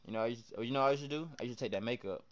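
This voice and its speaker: A young man streaming live, excitably commenting on his game, shouting at teammates and chatting with viewers in heavy slang. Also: mid-range voice, very fast. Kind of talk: live gameplay commentary and chat reading.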